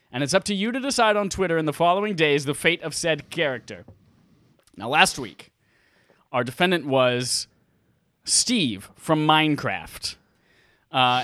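A man hosting a casual live gaming podcast on a headset mic, energetic, crude and joking, laughing often. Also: on the high side, no echo, clean studio sound. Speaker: podcast host. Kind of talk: casual livestream podcast chat.

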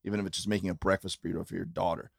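A man, a comedian guest on a podcast, talking casually on a tour bus and rambling with halting restarts. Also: deep voice, little pitch movement, creaky, no echo, clean studio sound. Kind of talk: casual chat.

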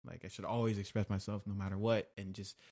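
A man's voice: lowish voice, level tone, quick pace, dark tone. A young man hosting a casual podcast, talking candidly and confessionally, rambling with restarts. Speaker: podcast host.

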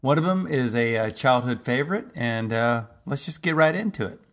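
A man's voice: medium pitch, lively intonation, normal speed, a bit bright. A man hosting a podcast in a casual, rambling comedic monologue, full of fillers. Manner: rambling, chatty, lots of fillers. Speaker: podcast host.

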